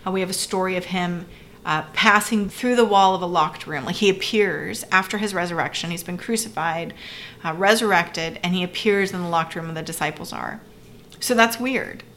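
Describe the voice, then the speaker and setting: A woman's voice: lowish voice, normal speed, a bit bright, a little hiss or hum. Earnest woman pastor explaining. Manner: earnest, explanatory, frequent "right?" checks. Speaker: pastor and co-host. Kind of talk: conversational podcast discussion.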